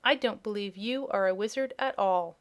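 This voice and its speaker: A woman voicing a hungry, pleading female kitten in an audiobook, with a slow, drawn-out way of talking. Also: mid-range voice, lightly acted. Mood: doubting. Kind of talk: audiobook character voice.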